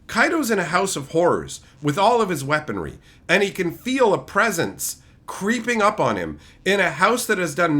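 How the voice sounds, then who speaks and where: A man's voice: high voice, bright, forceful tone. A young man streamer ranting in a sarcastic, profane, mocking way. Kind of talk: ranting commentary.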